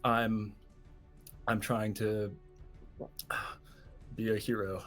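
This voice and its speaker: A man's voice: fairly low pitch, flat delivery, extremely slow, a bit bright, soft background music. A man voicing an earnest, simple young male would-be hero who gives hesitant answers in a tabletop game.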